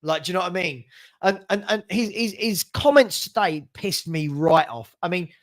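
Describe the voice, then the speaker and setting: A man's voice: high voice, expressive, normal speed. A man hosting a football watchalong, talking in a frustrated, rambling way and tripping over repeated words. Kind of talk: casual football chat.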